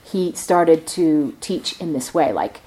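A woman's voice: low-pitched, animated, takes it slowly, warm tone. A woman meditation teacher giving a reflective dharma talk at a retreat center, thinking aloud as she explains.

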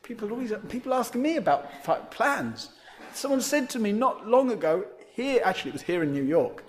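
A man's voice: sits high, sing-song, normal speed. A man giving a meandering, reflective dharma talk as a meditation teacher, often checking in with "right?". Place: meditation center.

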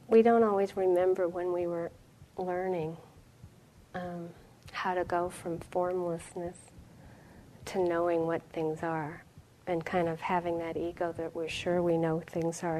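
A middle-aged woman giving a dharma talk as a meditation teacher, reflective and storytelling, with soft pauses. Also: fairly low pitch, little pitch movement, a little hiss or hum, rough recording.

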